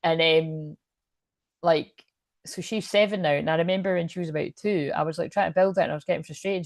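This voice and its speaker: A woman's voice: on the low side, brisk, darkish tone, no room sound, clean studio sound. A young woman giving a casual, rambling oracle card reading, laughing often and swearing casually. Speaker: spiritual reader and coach.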